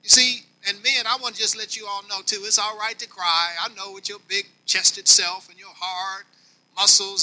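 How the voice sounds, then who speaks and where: A man preaching to his congregation as their longtime bishop, swinging between quiet and loud and speaking to them directly. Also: sits high, flat delivery, normal speed, low-quality recording. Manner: folksy, talks directly to the congregation. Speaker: pastor. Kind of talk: sermon.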